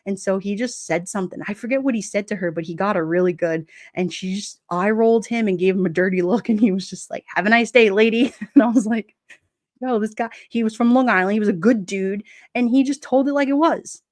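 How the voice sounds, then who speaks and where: A woman's voice: mid-range voice, quick pace, hardly any pauses, a little mellow, no room sound, clean studio sound. A middle-aged woman with a New York accent chatting casually to her livestream, blunt and streetwise, often breaking into laughs. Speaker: livestream host. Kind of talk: casual live-chat talk.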